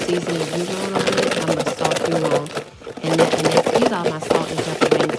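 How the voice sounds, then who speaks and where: A middle-aged woman casually talking through her home cooking step by step, relaxed and chatty. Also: deep voice. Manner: relaxed, step-by-step explaining with fillers.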